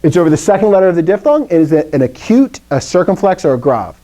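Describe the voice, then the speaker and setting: A man's voice: a little high, very animated, fast, warm tone. A middle-aged man teaching a classroom language lesson, explaining rules step by step with jokey asides. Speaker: Greek teacher. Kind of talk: classroom lecture.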